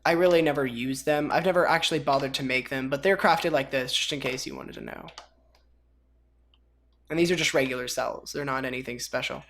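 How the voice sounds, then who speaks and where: A woman with a notably deep voice hosts a relaxed game tutorial. She rambles through the steps with offhand, self-mocking humor. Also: fairly quick, a little hiss or hum. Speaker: gaming video host. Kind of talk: casual mod tutorial commentary.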